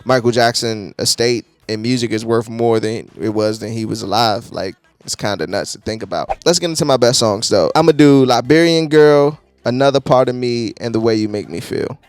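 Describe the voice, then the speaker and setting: A young man reviewing music in a casual, excitable, slangy, rambling way. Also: medium pitch, moderate pace, few pauses, clear, resonant tone.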